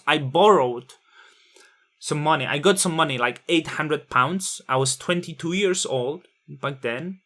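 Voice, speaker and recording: A man's voice: on the high side, bright, forceful tone. A man in his thirties, not a native English speaker, telling a personal story in a candid, blunt way, with swearing and frequent restarts.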